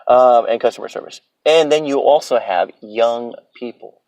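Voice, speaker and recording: A man's voice: mid-range voice, moderate pace, a little mellow, no room sound, low-quality recording. A man in his thirties hosting a solo podcast, ranting bluntly and profanely about his opinions. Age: 30s. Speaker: podcast host.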